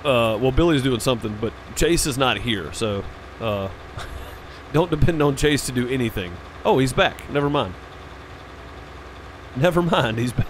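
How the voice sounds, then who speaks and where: A man chatting casually with his viewers during a live farming-game stream. His voice sits at a medium pitch and he talks in an unhurried, rambling way, dropping fillers as he goes. Faint background noise sits under the voice. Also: expressive. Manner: laid-back and rambling, with frequent "uh" and "man".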